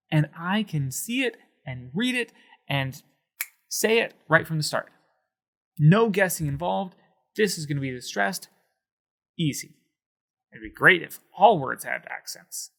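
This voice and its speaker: A man teaching a Spanish lesson, patiently explaining and slowing down to sound out words syllable by syllable. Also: on the high side, vocal fry, fairly bright tone. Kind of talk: explaining at a whiteboard.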